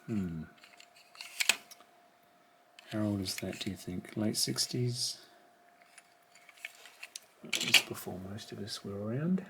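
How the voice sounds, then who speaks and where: A middle-aged man talks slowly and quietly, half to himself, as he unboxes a collection at home. His voice sits low, with a gravelly edge. Loud crinkling and rustling packaging runs underneath. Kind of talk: casual unboxing commentary. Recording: rustling packaging noise behind.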